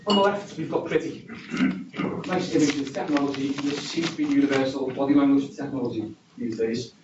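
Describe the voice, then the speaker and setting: A man's voice: medium pitch, fast talker, noisy background. A man giving a conference presentation in a wry, conversational, self-deprecating way. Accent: regional accent. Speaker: conference speaker. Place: conference hall. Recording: distant, dull, echoey hall recording.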